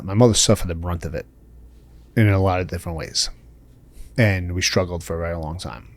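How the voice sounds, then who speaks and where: A middle-aged man from the Bronx, chatting candidly as a podcast guest, laughing often and saying "you know" a lot. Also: low-pitched. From the Bronx, New York. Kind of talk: casual interview chat.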